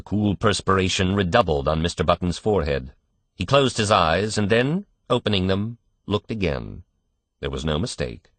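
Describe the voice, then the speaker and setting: A man narrating a storybook reading with expressive storytelling. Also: sits low, moderate pace, no room sound. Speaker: audiobook narrator. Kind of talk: scripted narration.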